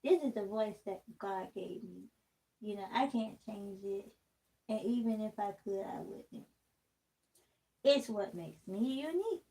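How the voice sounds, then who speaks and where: A woman's voice: mid-range voice, lively intonation, unhurried, vocal fry, mellow, low-quality recording. A woman vlogging casually while taking out her braids, candid and rambling, with a distinctive voice that people comment on. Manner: candid, rambling, talks straight to the camera.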